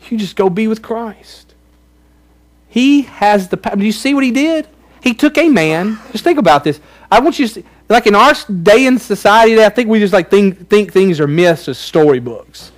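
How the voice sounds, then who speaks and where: A man preaching a sermon as pastor, earnest and emphatic with lots of repetition. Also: high voice.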